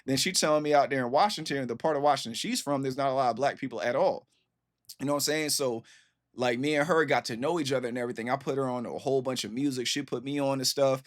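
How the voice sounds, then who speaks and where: A man's voice: medium pitch, fast. A man, chatting loosely as a reaction host with lots of fillers. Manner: loose, rambling, heavy on fillers like "you know what I'm saying". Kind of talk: casual commentary on a song.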